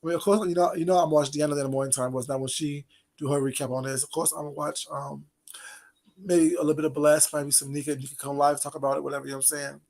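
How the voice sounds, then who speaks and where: A livestream host, chatting late at night in a casual way, gossips teasingly with his viewers and laughs often. He talks rapid-fire in a fairly high, steady voice that's gravelly but a bit mellow.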